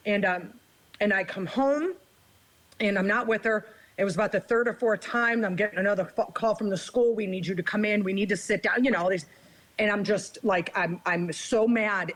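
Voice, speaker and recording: A woman's voice: mid-range voice, a bit bright, poor audio. Candid woman telling a personal story. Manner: emotional, confessional, peppers speech with "right?" and "you guys". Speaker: guest, recovery interventionist.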